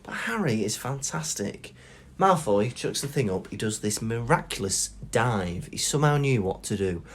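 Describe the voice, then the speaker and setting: A man's voice: fairly low pitch, animated, normal speed, a little hiss or hum. A man co-hosting a podcast in casual chat, jokey and chatty, often laughing as he talks. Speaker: podcast co-host.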